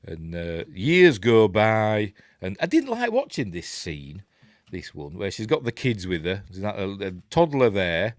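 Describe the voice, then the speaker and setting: Yorkshire male host, low-ish voice, dry close sound, rambling chatty film commentary. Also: huge pitch swings, dry recording. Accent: Yorkshire English. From Yorkshire, England. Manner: rambling and chatty, quick asides and chuckles. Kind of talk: casual film breakdown commentary.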